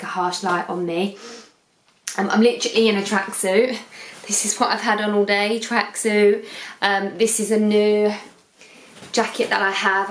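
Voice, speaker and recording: A young woman in her twenties chats casually on her sofa at night, drifting from one tangent to the next. Her voice sits at an ordinary middle pitch. The room around her is echoey. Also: slight background noise. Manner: rambling, keeps digressing. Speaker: beauty vlogger. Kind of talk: casual chatty vlog. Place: living room, on a sofa, at night under a harsh light.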